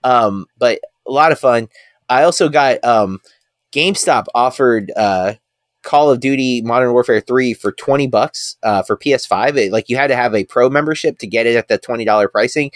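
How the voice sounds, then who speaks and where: A man's voice: mid-range voice, moderate pace, no echo, studio quality. Rambling man chatting about movies and games. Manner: rambling, filler-heavy, enthusiastic about films. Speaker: podcast co-host. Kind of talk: casual chat.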